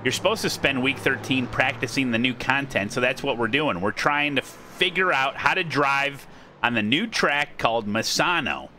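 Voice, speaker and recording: A man's voice: medium pitch, normal speed, pushed and bright, slight background noise. An American man streaming a racing sim, chatting casually, joking and thanking viewers as he drives. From United States. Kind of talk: casual gameplay commentary.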